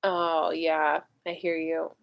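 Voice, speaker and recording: A woman's voice: low voice, little pitch movement, slow, creaky. A woman, chatting casually and emotionally with viewers as host of a livestream. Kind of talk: casual live chat with viewers.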